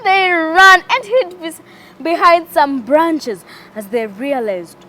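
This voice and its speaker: A woman telling a Bible story to children in an expressive, animated way. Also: very high voice, takes it slowly.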